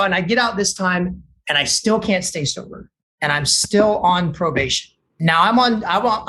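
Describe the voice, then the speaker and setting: A man's voice: high-pitched, a little hiss or hum. Texas guy, recovery counselor, telling his story, does the voices of other people, lots of "like" and restarts. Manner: animated storytelling, acting out quoted voices; fillers like "like" and repeated restarts. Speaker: addiction counselor.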